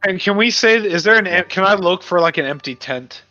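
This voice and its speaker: Casting: hesitant male player, high and bright, muffled lo-fi sound. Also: animated, brisk, no room sound, faint music behind. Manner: hesitant, filler-heavy.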